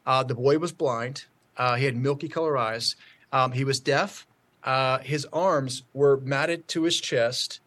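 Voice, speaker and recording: A man telling a church testimony story on a call, halting, with many fillers and restarts. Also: mid-range voice, fairly even intonation, fairly bright tone. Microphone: call audio.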